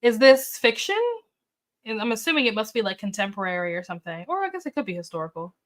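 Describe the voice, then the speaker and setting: A woman with a mid-range, slightly bright voice talks quickly and swings her pitch widely. She's hosting a casual booktube livestream, chatting with viewers and reacting to their comments with upbeat oohs and okays. She thinks aloud, filling pauses as she goes.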